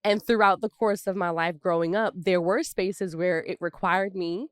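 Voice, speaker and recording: Low-leaning, clear and resonant, this woman speaks at normal speed with fairly even intonation in a dry, clean studio recording. She's a Brooklyn, New York podcast co-host telling personal stories casually, reflective and full of asides.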